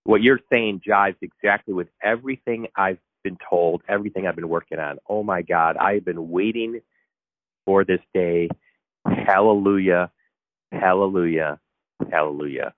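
A man's voice: low voice, normal speed, no room sound. A man hosting a podcast, talking emotionally and effusively with a woman about an investigation. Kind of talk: emotional phone interview. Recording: dry phone-line sound.

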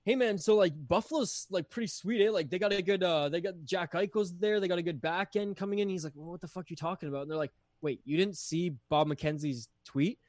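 Man, podcast chat, fast talker, higher voice, profane storyteller, dry recording. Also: a little mellow, no room sound. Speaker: podcast guest, network host.

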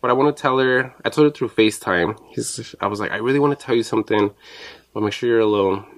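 A young man from New Mexico, co-hosting a podcast and telling a personal story in a relaxed, chatty way, slipping into Spanish now and then. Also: mid-range voice, quick pace. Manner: relaxed, slips into Spanish, laughs often. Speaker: podcast co-host. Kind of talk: casual chat, personal storytelling.

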